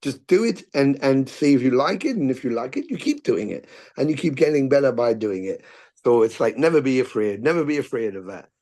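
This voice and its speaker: Middle-aged man, guest on a chat podcast: lively, profane storyteller who acts out the quotes. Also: medium pitch, a little fast. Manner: animated storyteller, swears freely, acts out quotes. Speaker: podcast guest, musician and actor. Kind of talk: casual storytelling interview.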